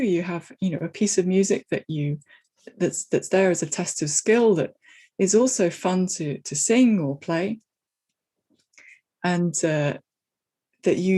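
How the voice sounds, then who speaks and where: A woman speaking as an interview guest about coaching software teams, thoughtful and given to restarts as she works through her ideas. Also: lowish voice. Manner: thoughtful, talks in restarts and hedges. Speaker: guest, technical agile coach. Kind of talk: casual interview conversation.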